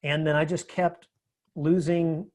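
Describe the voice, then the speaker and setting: A man speaking as a podcast guest, telling his story in a reflective, measured way, often restarting his sentences. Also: a little high, flat delivery, a little mellow. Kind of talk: casual interview conversation.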